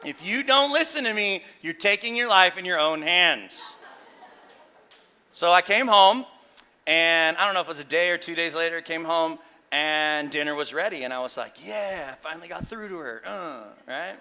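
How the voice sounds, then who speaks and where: With a fairly high-pitched voice that's pushed, bright, clear and resonant, a middle-aged pastor preaches at a moderate pace. His sermon is conversational, built on candid stories that poke fun at himself, with frequent "right?" asides to the congregation.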